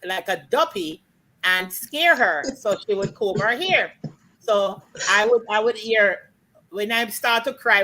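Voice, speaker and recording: A woman with a Jamaican accent, chatting and telling folk stories with lively acted-out voices. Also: mid-range voice, rough recording. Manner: animated storytelling, acts out voices. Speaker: storyteller guest. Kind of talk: casual chat.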